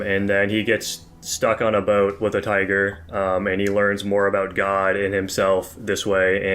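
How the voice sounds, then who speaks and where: A young man with a fairly low voice hosts a laid-back movie review chat. He rambles through his points, stacking up fillers and casual slang as he goes. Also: a bit bright. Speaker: podcast co-host.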